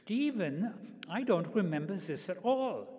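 A woman's voice: mid-range voice, very animated, unhurried, pitched above the performer's own voice. An elderly man imitating his mother, an older German woman with a heavy German accent. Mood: correcting. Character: the speaker's elderly German mother, firm and matter-of-fact. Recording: echoey hall, slightly dull sound.

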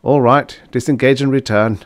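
A man's voice: mid-range voice, steady tone, normal speed, no room sound, studio quality, pitched above the performer's own voice, lightly acted. A man voicing a stern male starship commander who gives curt, commanding orders in an audiobook. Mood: barking orders. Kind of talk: audiobook character voice.

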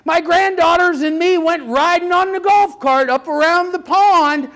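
An older man preaching a sermon, telling stories with lively energy and sudden shouts. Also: very high voice, measured pace. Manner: animated storytelling, acts out children's voices, bursts into shouts. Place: church sanctuary.

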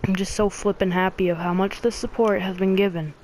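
A gaming channel host in a casual thank-you video to subscribers, gushing and filling every pause with "like" and "oh my god". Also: mid-range voice, steady tone, darkish tone, slight background noise, rough recording. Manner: gushing, filler-heavy, repeats "like" and "oh my god".

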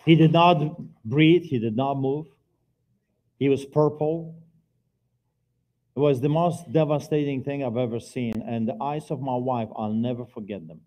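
Earnest, mellow-voiced man giving testimony. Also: medium pitch, moderate pace, long pauses. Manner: earnest, swings between quiet and loud. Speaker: guest preacher giving testimony. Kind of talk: personal testimony sermon. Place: church sanctuary, live service.

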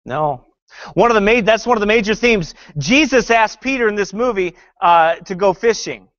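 A man's voice: high-pitched, animated, moderate pace, a bit bright, no echo, highs cut off. A male pastor preaching a sermon that critiques a film, fervent and sarcastic by turns, often reading scripture aloud.

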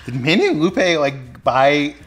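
A man's voice: on the high side, very animated, a little slow, husky. A man co-hosting a casual unboxing chat, easygoing and chatty, chuckling along. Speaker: co-host.

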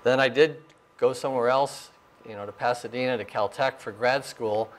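A man in his sixties, raised in Arizona, giving a relaxed lecture about his career, full of fillers and small chuckles. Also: medium pitch, normal speed. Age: 60s. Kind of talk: informal lecture. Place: lecture room.

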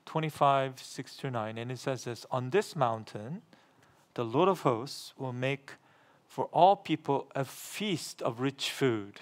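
A middle-aged pastor preaches slowly, repeating phrases for emphasis and asking his congregation questions. When he reads scripture aloud, he grows louder and his pitch rises.

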